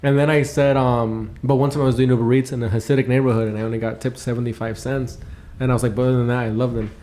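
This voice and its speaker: A man's voice: medium pitch, fairly even intonation, quick pace, dark tone. Rambling, swearing young man telling stories. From California. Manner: rambling, swears a lot, laughs through stories. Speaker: podcast co-host. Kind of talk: casual storytelling chat.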